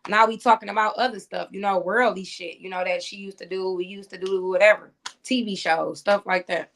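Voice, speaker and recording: A woman's voice: mid-range voice, steady tone, brisk, a bit bright, slight background noise. Blunt, profane woman telling a story. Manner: blunt and profane, acts out quoted exchanges. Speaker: guest, former cellmate. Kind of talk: casual interview storytelling.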